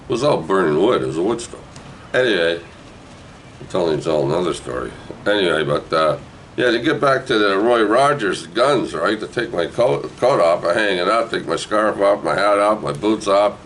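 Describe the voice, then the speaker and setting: Recorded roughly, with a little hiss or hum, a New Brunswick man with a low, expressive, fairly bright voice tells a childhood story at a moderate pace. His casual memoir wanders off track, full of tag questions like "eh" and "right."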